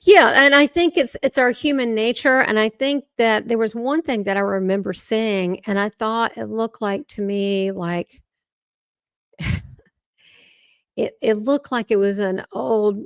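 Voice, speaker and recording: A woman's voice: a little high, slow, clean tone, no echo, clean studio sound. A woman being interviewed as a spiritual medium, talking animatedly and often breaking off and restarting her sentences. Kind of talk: casual interview chat.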